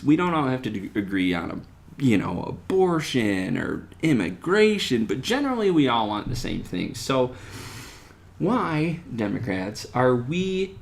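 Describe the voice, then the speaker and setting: A man hosting an opinion podcast, talking in an animated, sarcastic way with sharp jumps in pitch on his rhetorical questions. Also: vocal fry. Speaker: podcast host. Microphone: desktop USB microphone.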